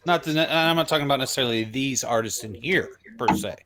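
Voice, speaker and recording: A man of middling pitch chatting casually as a comic writer. He rambles, restarts his sentences and swears freely. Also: fast, a bit bright. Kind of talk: casual chat.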